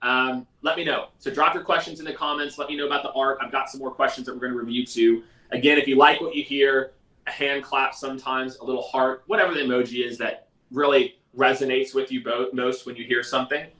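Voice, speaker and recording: A man hosting a live sales question-and-answer stream in a casual, energetic, conversational way. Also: brisk. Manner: energetic, conversational, mimics others in a high voice. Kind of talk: casual livestream talk. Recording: roomy echo, mic at a distance.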